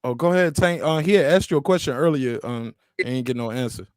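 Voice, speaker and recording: A man co-hosting a talk show online, asking the others quick questions. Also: medium pitch, smooth, dry recording, clean studio sound. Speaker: podcast co-host. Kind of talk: casual chat. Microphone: own mic on an online call.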